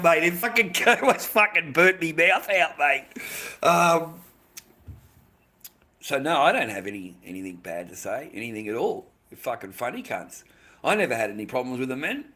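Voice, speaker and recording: A man's voice: sits high, pushed and bright. An Australian man livestreaming, rambling in casual chat, swearing constantly and ending his lines with "mate".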